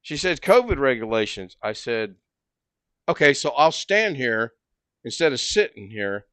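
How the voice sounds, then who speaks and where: A man hosting a livestream, telling a long story in a casual, animated way and acting out both sides of the conversation. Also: medium pitch, measured pace, clean tone, dry recording. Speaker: livestream host.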